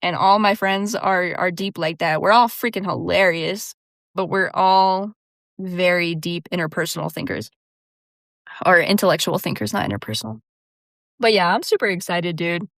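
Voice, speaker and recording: Here a young woman podcaster chats by herself, laughing frequently and leaning hard on "dude" and "like." Her pitch sits fairly low, slightly bright, at a normal speed. Dry recording, clean studio sound.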